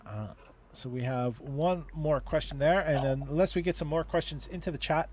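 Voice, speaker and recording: A man's voice: fairly high pitch, normal speed, noisy background. A man hosting a casual livestream advice chat, talking in a rambling way with many restarts and fillers. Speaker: host.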